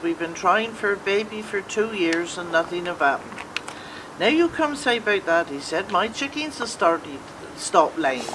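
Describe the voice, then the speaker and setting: A woman's voice: fairly low pitch, background noise. An older woman, telling jokes to friends and briefly voicing each character in a homely way. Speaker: joke teller.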